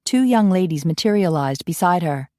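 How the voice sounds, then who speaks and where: A woman narrating an audiobook in an even storytelling read. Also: on the low side, moderate pace, dry recording, clean studio sound. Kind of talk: scripted narration.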